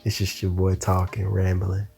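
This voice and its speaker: Tired, laid-back young man, low voice. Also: monotone, normal speed, gravelly, mellow, soft background music. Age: young adult. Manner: laid-back, slangy, tired and yawning, mumbles off at times. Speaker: podcast host. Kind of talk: casual solo podcast rambling.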